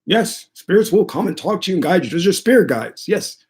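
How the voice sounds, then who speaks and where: A man imitating a self-assured male high priest who speaks with emphasis. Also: expressive. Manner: emphatic, drawn-out. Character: lofty male high priest, sure of himself.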